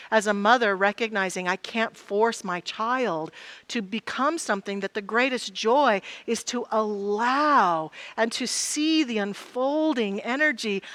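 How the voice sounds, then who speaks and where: Woman minister preaching, kinda high voice, dry close sound, reflective. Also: no echo. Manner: reflective, quotes song lyrics softly. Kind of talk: sermon. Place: church sanctuary.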